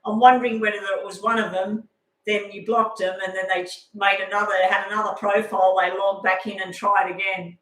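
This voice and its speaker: A middle-aged woman, rambling casually on a live stream as a tarot reader and telling a long story with animated asides. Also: mid-range voice, fairly quick. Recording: echoey room.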